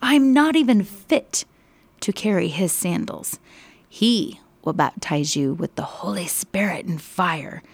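A woman voicing a fiery male desert prophet who proclaims loudly at crowds. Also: fairly low pitch, lively intonation, a little slow, gravelly, no room sound, exaggerated voice. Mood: fierce. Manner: loud, forceful proclaiming. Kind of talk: acted Bible story quotes.

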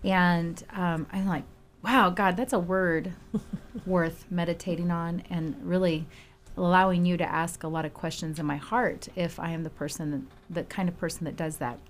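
A middle-aged woman telling a personal story in casual chat, animated and laughing often. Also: on the low side, moderate pace, slight background noise. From Houston, Texas.

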